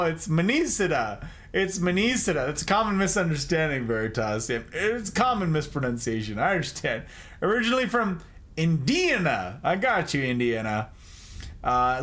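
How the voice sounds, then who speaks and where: Playful, lively high-voiced male streamer. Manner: playful, teasing, joking mispronunciations; laughs often. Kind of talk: casual livestream chat with viewers.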